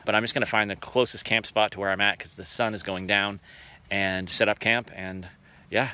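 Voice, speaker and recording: A man's voice: lowish voice, steady tone, normal speed, sharp tone, smooth. A man filming himself on a hike outdoors, giving casual, wry running commentary. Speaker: hiker filming his trip. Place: outdoors on a forest trail.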